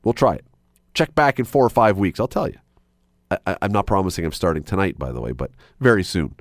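A man's voice: sits low, fairly quick, dry recording, clean studio sound. A man hosting a radio talk show, rambling and correcting himself as he talks. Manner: animated, rambling, self-correcting. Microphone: studio microphone.

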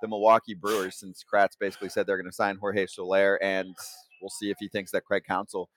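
Excitable sports podcast host, low voice. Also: male voice, a little fast, no echo. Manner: excited, laughs easily.

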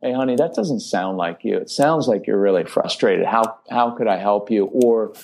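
A man's voice: fairly low pitch, normal speed, creaky. Parenting guest, male, casual chat, plays out sample lines to kids. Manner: animated, acts out parent phrases. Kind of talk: casual podcast conversation.

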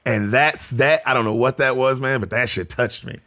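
A man in his thirties from Memphis, a comedian guest rambling through animated stories in casual podcast chat, full of restarts. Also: mid-range voice, moderate pace. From Memphis, Tennessee. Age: 30s.

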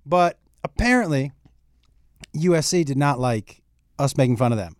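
A man from Massachusetts chatting casually and telling stories with quick jokes. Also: a little high, no room sound, clean studio sound. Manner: animated storyteller, quick jokes. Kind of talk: casual chat.

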